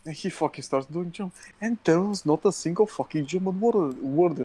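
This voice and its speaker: A man's voice: sits high, a little fast, mellow, husky. Blunt, foul-mouthed young man podcaster. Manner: blunt, heavy swearing storyteller. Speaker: podcast co-host. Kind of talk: casual chat.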